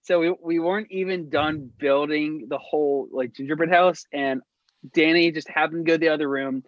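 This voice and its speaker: A young man in his twenties telling stories in a loose, casual chat, his voice sitting a little high for a man. He wanders and restarts, piling up fillers as he goes. The sound is dry and a bit dull, like a lo-fi recording. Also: fairly even intonation, normal speed, no echo. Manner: rambling, heavy filler words. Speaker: podcast co-host.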